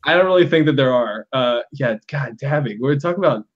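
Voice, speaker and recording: A man runs a live fan recap on a video call, chatting loosely in live-stream style, laughing often and filling his speech with ums and uhs. He talks fairly quickly in a medium pitch with lively intonation, and the sound is lo-fi.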